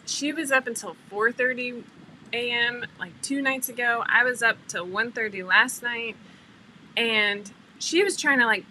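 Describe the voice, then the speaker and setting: A woman's voice: a little high, pushed and bright, a little hiss or hum, low-quality recording. A middle-aged woman hosting a casual livestream, chatty and laughing often as she greets viewers by name over a computer mic. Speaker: livestream host.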